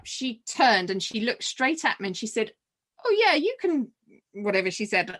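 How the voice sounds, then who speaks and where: A middle-aged woman telling a personal story in casual chat, full of fillers and restarts. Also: medium pitch. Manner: chatty, animated, many fillers and restarts. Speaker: podcast guest.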